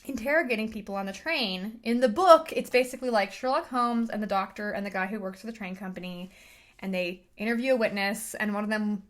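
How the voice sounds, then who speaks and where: A woman giving a casual, animated review rant, exasperated and full of fillers. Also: mid-range voice, a little fast. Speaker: book and film reviewer.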